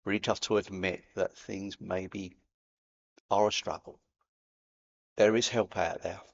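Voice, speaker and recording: A man with a Cockney accent giving an earnest, gently encouraging spiritual talk to camera, in a matey way. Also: low voice, fairly even intonation, measured pace, gravelly, lo-fi sound. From London, England. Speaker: spiritual video host.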